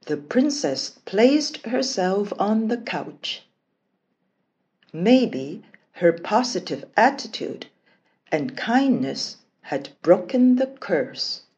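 Very slow, expressive woman storyteller. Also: mid-range voice, muffled recording. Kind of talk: storybook narration.

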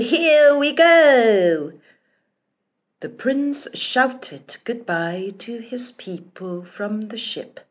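A woman narrating a children's storybook in a slow, expressive, careful reading voice. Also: medium pitch, husky, highs cut off.

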